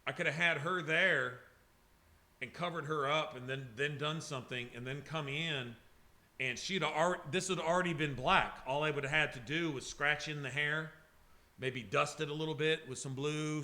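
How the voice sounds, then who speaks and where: A man's voice: fairly high pitch, moderate pace, bright, forceful tone. Rambling, profane man chatting on a livestream. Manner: rambling, profane, emotional, talks to chat by name. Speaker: livestreaming airbrush artist. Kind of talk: casual livestream chat with viewers.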